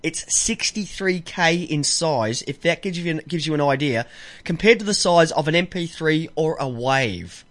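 A man's voice: a little high, expressive, moderate pace, fairly bright tone. A man with an Australian accent hosting a radio show, bantering casually, joking and laughing often as he tells stories. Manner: joking, laughs often, acts out voices in anecdotes.

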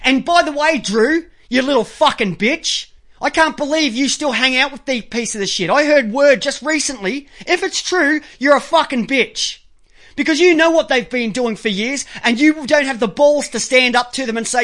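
A man's voice: very high voice, pushed and bright. Angry guy ranting live on stream, swearing a lot, calling people out, counting stuff off pictures. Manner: profane, combative, calls people out directly; counts items aloud slowly while looking at pictures. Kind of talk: unscripted live-stream rant.

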